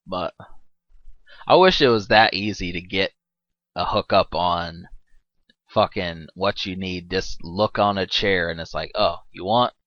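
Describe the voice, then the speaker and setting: A man's voice: low voice, a little slow, long pauses, a bit bright, no echo, dull audio. A man giving a rambling, casual movie commentary, full of fillers and restarts and laughing often, swearing now and then.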